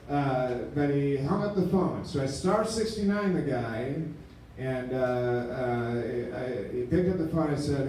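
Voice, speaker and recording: A man's voice: medium pitch, expressive, darkish tone. A man doing a live stand-up set. He rambles and stalls with lots of fillers, and he mocks himself. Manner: halting, rambling delivery full of fillers, self-deprecating. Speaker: stand-up comedian. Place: small comedy club stage. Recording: roomy live venue, mic heard from a distance with faint noise.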